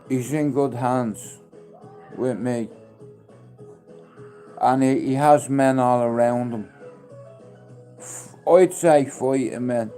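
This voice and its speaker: Slow, mellow-voiced man in his fifties. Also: medium pitch. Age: 50s. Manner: coaxing sing-song baby talk with sudden loud calls; rambling and heartfelt. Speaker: live streamer. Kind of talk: casual live stream chat.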